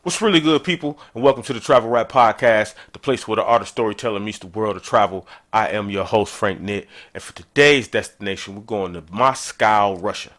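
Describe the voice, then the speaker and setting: A man hosting a podcast, telling a travel story in a casual, animated storytelling way. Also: brisk, few pauses. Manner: animated, conversational, jumps in pitch for emphasis. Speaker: podcast host.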